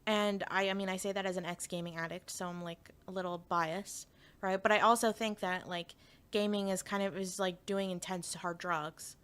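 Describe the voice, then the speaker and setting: A woman's voice: mid-range voice, fairly even intonation, moderate pace, a bit bright, smooth. A woman from Canada streaming as a VTuber, chatting frankly with her chat and swearing freely. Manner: reads chat aloud and answers it. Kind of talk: casual livestream chat.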